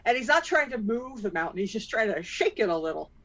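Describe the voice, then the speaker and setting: A tabletop game player, eager and prone to loud cheering. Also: medium pitch, very animated, fast, dull audio. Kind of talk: casual tabletop play.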